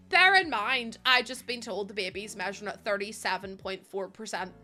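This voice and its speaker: A woman's voice: a little high, moderate pace, hardly any pauses, bright, forceful tone, faint music behind. A young woman streaming a game from home, talking in a chatty, rambling way and laughing often. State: pregnant. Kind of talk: casual live-stream chat.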